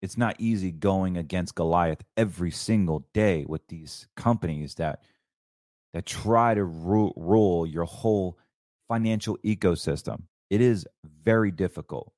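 Male show host, lower voice, fervent and preachy, dry recording. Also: measured pace, darkish tone, no echo. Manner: fervent, preachy, rambling with restarts. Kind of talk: casual financial commentary.

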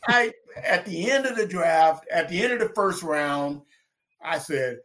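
A man's voice: on the high side, expressive, unhurried, a bit bright. Middle-aged guy from texas, ex linebacker, tells stories big, voice jumps way up on quotes, laughs as he goes. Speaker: guest, former pro football linebacker. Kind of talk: animated storytelling in interview.

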